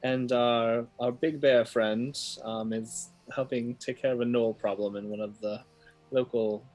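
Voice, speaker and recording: A woman player speaking in character in a tabletop game, chatty and warm with many hesitations. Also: extremely low pitch, fairly even intonation, measured pace, faint music behind. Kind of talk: in-character roleplay.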